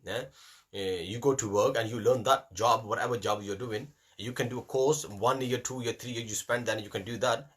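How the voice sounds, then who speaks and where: Man, mid-pitched, bright tone, explains then recites slowly. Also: slightly rough. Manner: explains in English mixed with Hindi, slows right down to recite verses. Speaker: Quran recitation teacher. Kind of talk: online lesson.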